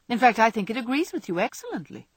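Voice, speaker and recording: A woman voicing a lazy, playfully evasive young gentleman in a storybook reading. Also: on the high side, very animated, fast, breathy edge, no room sound, voice pushed up. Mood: teasing. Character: young man, teasing idle gentleman.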